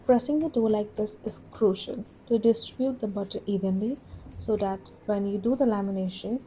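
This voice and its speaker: A young woman calmly explaining her baking step by step in a cooking tutorial voice-over, encouraging beginners. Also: mid-range voice, moderate pace, a little hiss or hum, low-quality recording. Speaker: home baker.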